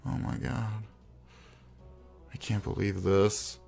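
A man's voice: lowish voice, fairly even intonation, takes it slowly, gravelly, mellow, soft background music. A man giving melodramatic gameplay commentary, sighing heavily and lamenting in theatrical self-pity. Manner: theatrical self-pitying despair with heavy sighs. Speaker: gameplay video creator.

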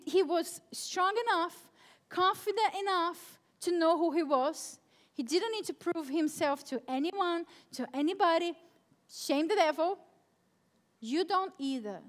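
High-voiced woman youth pastor preaching. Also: expressive, a little slow. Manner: emphatic, repeats key phrases. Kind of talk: live youth sermon. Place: church service.

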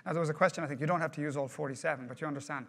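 A man's voice: fairly high pitch, fairly even intonation, rapid-fire. A man giving a project management workshop to a group, talking conversationally and putting questions to the audience.

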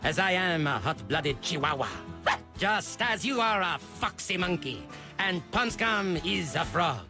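A man's voice: sits high, big pitch swings, measured pace, heavily acted. A man voicing a pompous old male chihuahua martial arts master in a cartoon, lofty and sprinkling in Spanish words. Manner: grand, with Spanish words mixed in. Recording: cartoon dialogue with music behind.

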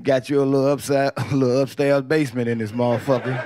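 A man doing a profane stand-up comedy set, telling loose stories with quick character voices. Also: medium pitch. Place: comedy club stage with audience. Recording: loud crowd laughter behind.

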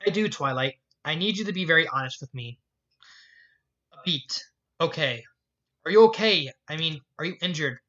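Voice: medium pitch, animated, moderate pace, pauses often, a bit bright, lightly acted. A reader voicing an elegant, caring young woman who speaks soothingly, in a fan fiction read aloud. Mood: tender. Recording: dull lo-fi recording.

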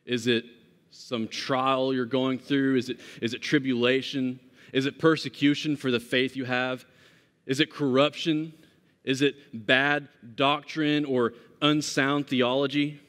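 A man's voice: mid-range voice, fairly bright tone. A man preaching a conversational sermon as pastor, earnest and informal, with frequent restarts and fillers. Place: church sanctuary. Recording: long church-hall reverb.

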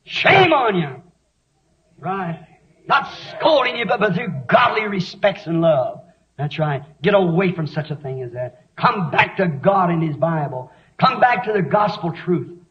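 High-voiced preacher, fiery. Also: male voice, lively intonation, a little slow. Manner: impassioned, storytelling, rising to shouts. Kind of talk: fiery revival sermon. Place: church meeting hall. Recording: echoey hall, dull lo-fi 1960s tape.

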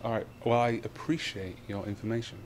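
A man's voice: on the low side, steady tone, brisk. A young man from England with an English accent, chatting in a casual, upbeat way as a travel vlogger. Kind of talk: casual chat. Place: outdoors and in a car. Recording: outdoor noise and traffic.

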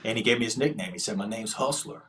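A man's voice: on the low side, fast, a bit bright, slight background noise. A man, a podcast guest telling an earnest testimony story in casual, slangy speech. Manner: earnest, slangy prison storytelling with quoted dialogue.

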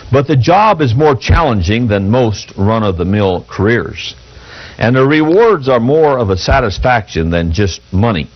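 A male pastor preaching a sermon from the pulpit in a folksy, halting way, reading an article aloud to the congregation. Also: mid-range voice, big pitch swings. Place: church pulpit. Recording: dull lo-fi church recording.

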